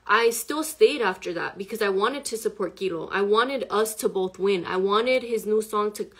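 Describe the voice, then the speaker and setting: A woman's voice: mid-range voice, normal speed, a bit bright, husky. Shaken woman rambling through a story. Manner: rambling, heavy use of "like" and profanity, agitated. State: shaken and upset. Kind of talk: emotional personal storytelling to camera.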